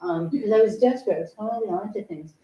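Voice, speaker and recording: A woman's voice: mid-range voice, fast talker, mellow, distant mic. An older woman giving a dharma talk as a Zen teacher, telling a personal story in a frank, humorous way. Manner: frank, humorous, acts out remembered dialogue. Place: temple meditation hall. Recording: echoey hall, voice from afar.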